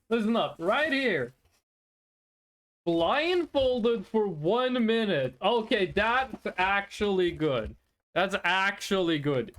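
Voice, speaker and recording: Chatting with viewers on a live stream, this VTuber sounds playful and relaxed, laughing readily, in a medium-pitched voice.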